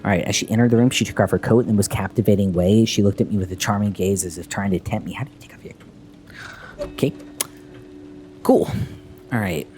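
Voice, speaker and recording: A man's voice: on the low side, fast talker, darkish tone, faint music behind. A man commenting on a game he is playing, reading along and making joking, sarcastic asides. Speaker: gameplay commentator. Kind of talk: let's play commentary.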